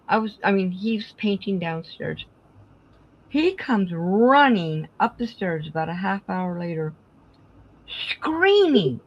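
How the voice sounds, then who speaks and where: A woman's voice: medium pitch, a bit bright, dull audio. A middle-aged woman hosting a craft live stream, casually telling family stories and acting out the dialogue. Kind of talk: casual storytelling chat.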